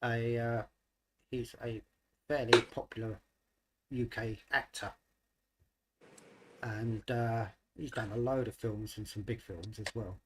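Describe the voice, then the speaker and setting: A man's voice: medium pitch, fairly even intonation, slow pace, long pauses, background noise. A talkative man with a mixed British accent, chatting casually on a live stream. He laughs easily and trails off mid-thought before picking the sentence back up. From United Kingdom. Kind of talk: casual chat.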